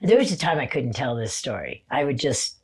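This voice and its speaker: A woman in her sixties telling a personal story in casual podcast talk, going from hushed tones to loud, swearing outbursts. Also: very deep voice, big pitch swings, brisk, husky. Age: 60s. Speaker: guest psychic.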